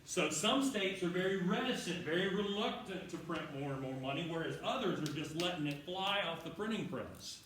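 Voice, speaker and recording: A man's voice: sits high, animated, moderate pace, hardly any pauses, a bit bright. Man lecturing in a very echoey room. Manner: casual, salty asides and rhetorical questions to students. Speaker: history professor. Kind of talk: classroom lecture. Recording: very echoey room, far from the mic, faint noise.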